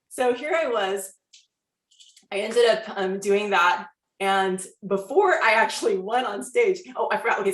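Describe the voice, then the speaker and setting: A woman in her forties telling her own life story as a wellness coach, animated and acting out her past reactions. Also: mid-range voice. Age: 40s. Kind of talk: personal testimony talk. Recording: echoey room.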